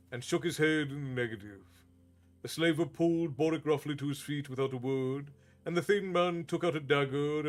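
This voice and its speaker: A man's voice: a little high, a little mellow. Man reading a fantasy story aloud. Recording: faint background music.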